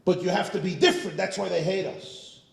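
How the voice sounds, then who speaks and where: A man's voice: sits high, fairly even intonation, brisk, creaky, reverberant, voice pushed up. A man voicing a scolding older woman, indignant and lecturing, as he tells a story.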